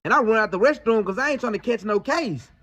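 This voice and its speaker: High-voiced man telling a slangy story. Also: fast talker. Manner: slangy, animated retelling with lots of fillers. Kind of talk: casual storytime.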